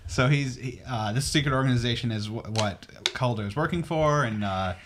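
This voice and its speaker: A man co-hosting a casual podcast, recapping a movie in a halting way with many fillers. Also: mid-range voice, background noise. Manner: halting, filler-heavy storytelling. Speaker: podcast co-host.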